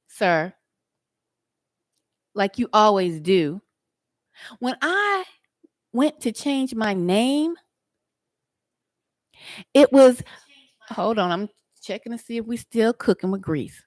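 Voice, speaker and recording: A woman's voice: medium pitch, very animated, slow, pauses often, a little mellow, no room sound. A woman hosting an outdoor livestream, chatting and preaching straight to her viewers. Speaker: livestream host. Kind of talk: casual livestream chat and teaching.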